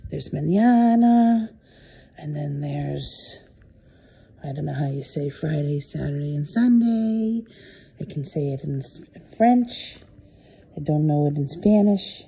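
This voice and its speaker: A woman pet sitter chats gently with a cat at home, her voice mellow and dark. She coos and half-whispers, mixing in Spanish endearments, close to a phone camera. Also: lowish voice, slightly rough, poor audio. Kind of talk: affectionate talk to a cat.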